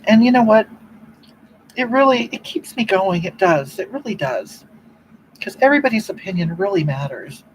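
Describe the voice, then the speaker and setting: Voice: lively intonation, normal speed, slight background noise, lightly acted, rough recording. A performer doing a rambling, preachy older woman livestreamer. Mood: gushing. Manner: rambling, keeps repeating "you know what?", swoops up and down in pitch. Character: older woman livestreamer, self-righteous, preachy about love. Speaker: livestream host reading chat comments. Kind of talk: comedic improvised livestream monologue.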